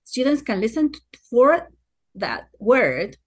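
Woman excitedly explaining a study tool, smooth talker, bit high voice. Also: slow. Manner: enthusiastic, fluent explaining. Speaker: guest, pronunciation researcher. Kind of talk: academic interview answer.

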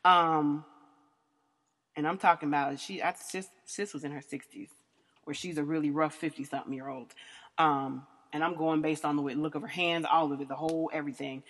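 A woman's voice: deep voice, fairly even intonation, fairly quick, fairly bright tone. A woman in her thirties hosting a podcast, telling a story in a blunt, crude, laughing way. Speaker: podcast host. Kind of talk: candid storytelling. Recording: long reverb.

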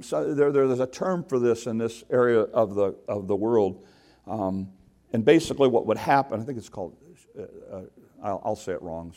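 A pastor with a mid-range voice delivers a lively sermon in a church sanctuary. His style is conversational, and he asks the congregation questions.

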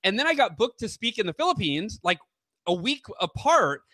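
Author guest, male, upbeat rambling storyteller, high-pitched and bright. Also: sing-song, moderate pace, dry recording. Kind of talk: casual interview chat.

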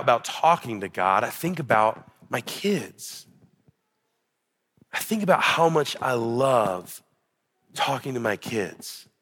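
A man's voice: mid-range voice, pushed and bright. A young man preaching a sermon as pastor, earnest and building to emphatic peaks.

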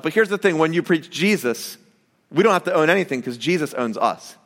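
A man with a notably high voice preaches in a loose, chatty way, stopping and restarting his sentences and leaning hard on "like" and "you know". His words carry the long reverb of a church hall. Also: fast. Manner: conversational, animated preaching with many fillers and restarts. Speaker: pastor. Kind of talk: sermon.

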